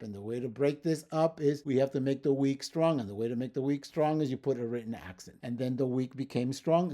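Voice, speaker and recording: A man teaching a Spanish lesson on video, patiently explaining step by step and repeating words slowly for learners. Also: medium pitch, gravelly, dark tone.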